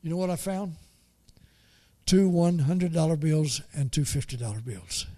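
A man preaching a folksy story, halting and repeating words as he goes. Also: on the high side, lively intonation, mellow. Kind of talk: storytelling sermon.

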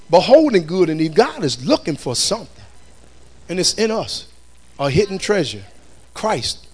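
A man preaching to his congregation, his voice sitting high for a man. He swings between fervent, shouted exhortation and low, chatty storytelling, calling out to the church as he goes. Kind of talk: sermon.

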